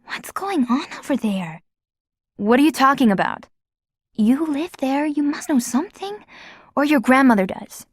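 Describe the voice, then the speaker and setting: An earnest young girl who loves animals, as a woman narrator puts her on, with a high, eager voice and quick questions. The storybook reading is dry and close, with no room sound. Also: lively intonation, no room sound. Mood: accusing. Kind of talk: audiobook character voice.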